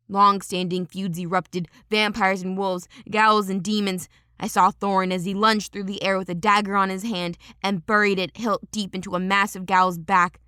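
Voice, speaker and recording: Woman reading an audiobook, dramatic first person, smooth resonant voice, totally dry sound. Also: medium pitch, dry recording. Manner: steady dramatic storytelling. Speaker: audiobook narrator.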